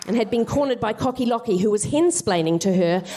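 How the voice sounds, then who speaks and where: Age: adult. Sex: woman. Style: wry, animated stand-up storyteller. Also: fairly high pitch, a little fast, background noise. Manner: wry, animated, with self-deprecating asides. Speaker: stand-up comedian.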